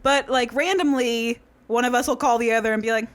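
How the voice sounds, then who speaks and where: A woman co-hosting a podcast in casual chat, relaxed and joking while she tells a story. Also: fairly high pitch, brisk. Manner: relaxed, joking, swearing freely. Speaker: podcast co-host.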